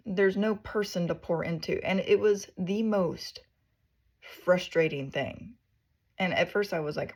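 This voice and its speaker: A woman with a low-pitched voice and a noticeable vocal fry tells her faith story. She talks earnestly and emotionally. Her sentences ramble and are full of fillers. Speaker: faith testimony vlogger. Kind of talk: personal spiritual testimony.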